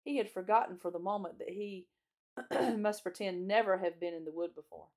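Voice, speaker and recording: A woman, a children's chapel teacher, reading a storybook aloud in a gentle, clear way. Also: medium pitch, moderate pace.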